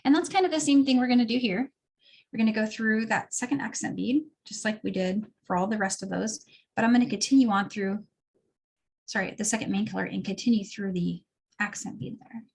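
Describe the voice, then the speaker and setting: Fairly quick and medium-pitched with vocal fry, a craft instructor narrates her beadweaving work step by step in a relaxed, chatty way. A faint hiss or hum sits under the recording.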